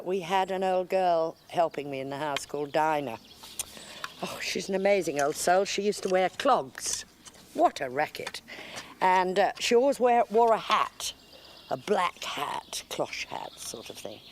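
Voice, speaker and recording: A woman's voice: on the low side, expressive, measured pace, a little hiss or hum. An older woman telling family stories in a documentary interview, chatty and dryly humorous. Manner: chatty, anecdotal, dry humour. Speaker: mother of a farmer.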